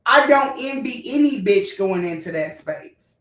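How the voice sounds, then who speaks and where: A woman's voice: medium pitch, expressive, measured pace, fairly bright tone, recorded from a distance. Fired-up woman ranting in an echoey room. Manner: blunt, profane, emotional, talks straight to viewers. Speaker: vlogger. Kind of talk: heated storytime rant.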